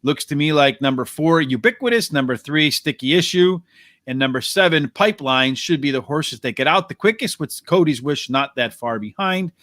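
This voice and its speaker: A man hosting a horse racing preview, walking through post positions, pace and jockeys in a brisk, analytical way. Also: a little high, animated, a bit bright, dry recording, studio quality. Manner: brisk, analytical, addresses co-host by name. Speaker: racing handicapper host.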